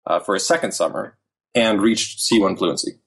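Man, low voice, husky tone, casual interview guest, animated storytelling. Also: normal speed. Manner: animated storytelling with quoted asides. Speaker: guest, language learning author.

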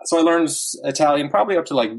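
A man in his thirties, a language learning author, chatting casually as an interview guest with lively quoted asides. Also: on the high side, very fast, creaky. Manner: animated storytelling with quoted asides.

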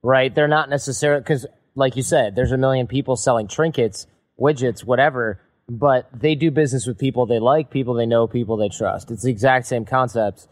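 A man's voice: mid-range voice, fairly quick. A man hosting a podcast interview, chatting easily, asking questions and joking. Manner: conversational, asks questions, jokes. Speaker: podcast host.

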